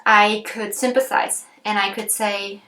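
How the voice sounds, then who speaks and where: A woman teaching about empathy in a relaxed, conversational way, thinking aloud with frequent ums and restarts. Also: mid-range voice, unhurried. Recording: roomy echo.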